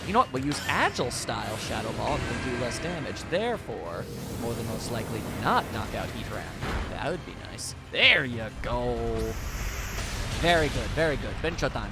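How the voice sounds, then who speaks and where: A man's voice: mid-range voice, creaky. A young man giving playful, chatty let's-play commentary and talking to the game. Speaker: video game streamer.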